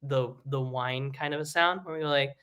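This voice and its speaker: A man teaching singing in a casual, rambling way, with many fillers and restarts, breaking into high sung examples. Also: steady tone, normal speed, very noisy. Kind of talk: live online singing lesson.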